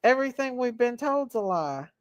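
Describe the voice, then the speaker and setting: A woman's voice: fairly high pitch, sing-song, normal speed, no room sound, studio quality. A woman hosting a casual livestream, teasing her friends and thanking viewers. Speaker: livestream host. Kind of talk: casual group livestream chat.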